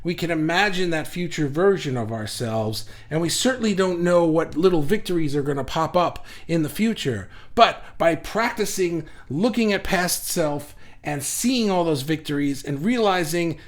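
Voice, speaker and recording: A middle-aged man with a slightly higher voice hosts a casual live stream at his computer. He talks in bursts of energy, stumbles and restarts, and reacts warmly to viewer comments. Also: normal speed, few pauses. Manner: energetic, animated, repeats himself with restarts. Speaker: livestream host.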